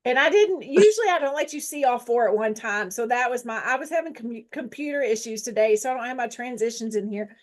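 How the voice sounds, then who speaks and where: A woman teaching a Bible study, slowly dictating verses and guiding drawing with a friendly, self-deprecating manner. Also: fairly high pitch. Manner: slow, deliberate dictation, repeating phrases; friendly, laughs at herself. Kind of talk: guided scripture lesson with drawing.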